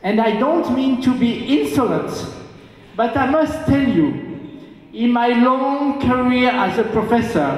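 A man's voice: extremely high pitch, full character voice. A man telling a joke as a cheeky chauffeur in an echoey hall. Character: plain-spoken male chauffeur, cheeky.

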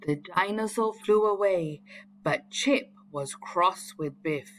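A woman reading a children's story aloud in a clear, expressive way. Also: fairly low pitch, slow pace.

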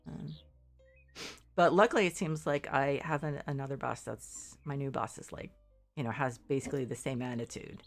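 This woman's voice rumbles low with vocal fry at a normal speed, over soft background music. Middle-aged and congested, she offers casual gameplay commentary while streaming, wandering off topic, doubting herself, and restarting again and again.

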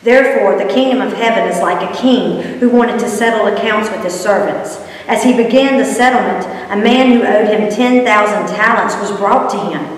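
Woman, children's worship leader, earnest teacherly sermon, distant mic, reverberant church hall. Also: mid-range voice. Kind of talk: children's sermon with scripture reading. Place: church sanctuary.

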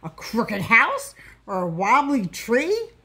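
A woman's voice: on the high side, huge pitch swings, brisk, pushed and bright, breathy edge, heavily acted. Jeering cafe villagers, put on by a woman. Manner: snorting, jeering. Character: mocking village cafe crowd.

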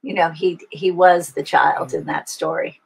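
A woman's voice: low voice, unhurried, vocal fry, husky, low-quality recording. An older woman from the United States, an adoption expert talking reflectively in an interview over a video call, often restarting her sentences. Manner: reflective, storytelling, frequent restarts.

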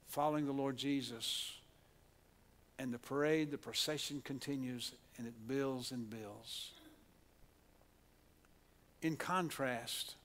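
A male pastor with an Oklahoma, Southern US accent preaches in a church sanctuary in a mid-range voice. He speaks earnestly with frequent restarts and repeated words, and leads the congregation in call-and-response.

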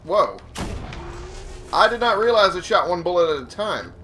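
A man's voice: sits high, sing-song, normal speed, sharp tone, faint music behind. A man giving casual let's play commentary, swearing and chuckling to himself. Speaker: gamer.

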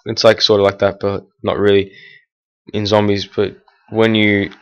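A teenage boy talks over his gameplay in a rambling, casual way, full of fillers and restarts. His voice sits a little low, and he now and then snaps at the game in annoyance. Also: flat delivery, moderate pace, clean tone, lo-fi sound. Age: teens. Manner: erupts in annoyed outbursts at the game. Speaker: gameplay commentator.

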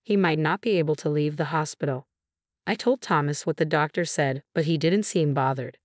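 A woman with a low voice reads a first-person story aloud at an even, steady pace. The sound is dry and close, with no room echo. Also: moderate pace. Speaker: narrator.

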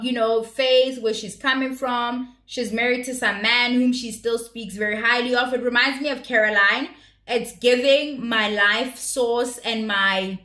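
A woman's voice: a little high, pushed and bright, roomy sound. A woman giving casual recap commentary on a reality show, blunt, profane and opinionated.

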